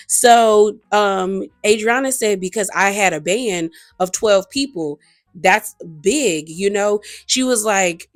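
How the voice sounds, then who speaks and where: A woman's voice: medium pitch, dry recording. Woman chatting thru a reality tv recap, dry close mic, faint music behind. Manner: chatty, retells quotes, frequent "like". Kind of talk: casual recap commentary.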